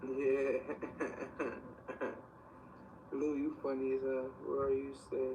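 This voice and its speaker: A young man from Chicago hosting a livestream, chatting in slang and shouting out viewers. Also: mid-range voice, completely flat delivery, extremely slow, distant mic, slight background noise, poor audio. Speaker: livestream host. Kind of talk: casual livestream chat.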